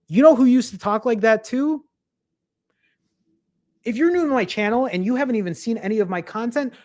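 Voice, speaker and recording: A man who coaches fasting and weight loss, giving a blunt, emphatic motivational talk to camera, repeating himself and swearing often. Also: sits high, a little mellow.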